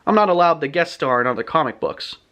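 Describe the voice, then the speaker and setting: A boastful twelve-year-old boy who likes playing superhero, put on by a man retelling a storybook. He sounds higher and bouncy, with lively swings in pitch and a cocky, excitable edge. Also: fast.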